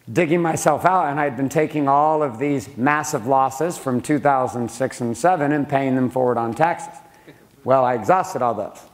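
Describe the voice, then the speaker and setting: A middle-aged man giving a blunt, profane motivational business talk to a live audience, swearing freely and throwing questions at the room. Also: mid-range voice. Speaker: speaker teaching a room of men.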